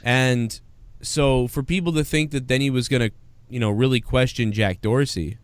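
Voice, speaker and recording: A man's voice: mid-range voice, normal speed, no echo. A man hosting a live stream, chatting casually, rambling and swearing, and reading out viewer donations. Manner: rambling, profane, reads out donations. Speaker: show host.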